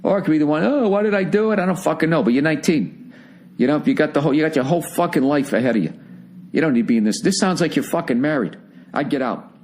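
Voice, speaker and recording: A man's voice: on the high side, quick pace, a little mellow. Blunt, profane male podcast host. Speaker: podcast host giving listener advice. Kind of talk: casual podcast monologue.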